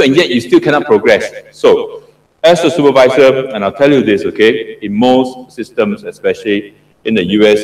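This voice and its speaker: A middle-aged Singaporean man with a medium-pitched voice lectures as a professor on PhD supervision, sounding far from the mic. His class is interactive: he often puts questions to the audience and repeats himself for emphasis. The roomy lecture hall adds an echo.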